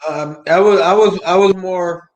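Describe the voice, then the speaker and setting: A man hosting a casual chat, rambling in a relaxed way and repeating words as he talks. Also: sits high, unhurried, highs cut off.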